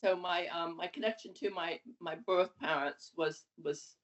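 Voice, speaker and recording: A woman in her seventies, a guest on an interview podcast, telling her story in a lively, animated way. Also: on the low side, unhurried. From USA. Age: 70s. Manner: lively, animated storytelling with laughs and acted quotes. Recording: dull lo-fi audio.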